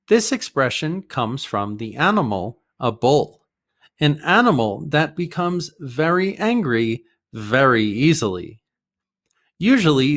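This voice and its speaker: An American man teaching English idioms in a clear, deliberate way, with short acted example dialogues. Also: fairly high pitch. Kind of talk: vocabulary lesson with acted dialogues.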